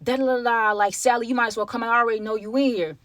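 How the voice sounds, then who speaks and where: A woman's voice: on the high side, steady tone, very fast, a bit bright, dry recording, voice pushed up, close to an everyday voice. A woman voicing a menacing adult male intruder who calls out threats in a taunting way. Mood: threatening.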